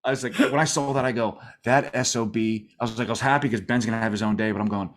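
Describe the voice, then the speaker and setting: A man co-hosting a casual sports podcast, telling stories in an animated, laughing, exaggerated way. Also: on the low side, rapid-fire. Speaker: podcast co-host.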